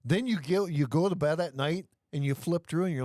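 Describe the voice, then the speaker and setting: A man's voice: on the high side, a little fast, mellow, no echo, studio quality. A man hosting a casual livestream chat, rambling and joking as he talks over the others. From Michigan. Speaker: livestream host.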